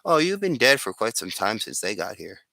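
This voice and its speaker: A man voicing a calm, matter-of-fact woman who keeps the door in the afterlife. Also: fairly low pitch, a little fast, gravelly, dry recording, full character voice.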